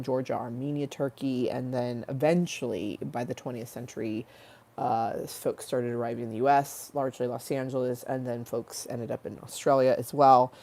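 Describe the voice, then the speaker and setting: A woman with a notably low, hoarse voice, still rough from a flu, chats casually as a livestream host. She rambles and jokes, drops curse words freely, and wanders off into one tangent after another. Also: dark tone. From United States. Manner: rambling, jokey, swears freely, goes off on tangents.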